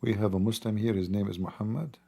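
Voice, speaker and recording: A hoarse man who is losing his voice talks in a rambling, emphatic way during a casual livestream, clearing his throat often. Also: on the low side, fairly even intonation, fast, dark tone. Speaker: livestream host.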